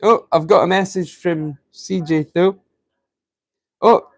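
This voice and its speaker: A man's voice: high-pitched, slow, dry recording. A man hosting a live stream in casual chat, rambling and thinking aloud to his viewers.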